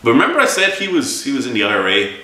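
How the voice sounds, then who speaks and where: Recorded from a distance in a room with plenty of echo, this Irish game reviewer and game master rattles through a lengthy, frustrated account of a tabletop game, stumbling over restarts and repetitions. His mid-range voice swings wildly in pitch, moving quickly with a bright, forceful tone. It's a casual spoken review.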